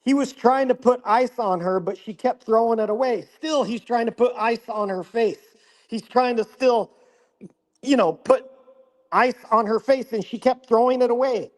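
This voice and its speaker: A man's voice: very high voice, normal speed, in a large hall, low-quality recording. A man on a livestream steadily retelling a police report to the host. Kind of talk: recounting a document on a livestream.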